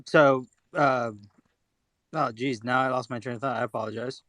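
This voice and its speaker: A man's voice: medium pitch, steady tone, moderate pace, fairly bright tone, dry recording. A man speaking hesitantly on a group video call, trailing off and apologizing. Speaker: panel participant. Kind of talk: casual group video chat.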